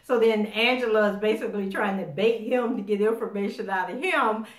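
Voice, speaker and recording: A woman giving a casual spoken recap of a TV episode, animated as she acts out the characters' lines. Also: mid-range voice, a little fast. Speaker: TV show recapper. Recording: roomy echo.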